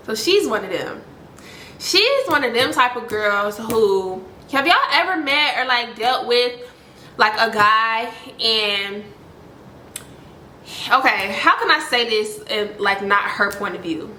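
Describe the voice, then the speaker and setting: A young woman casually telling a storytime, animated and swearing freely as she acts out the quoted lines. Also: on the high side, takes it slowly. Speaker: storytime vlogger. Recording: echoey room, faint noise.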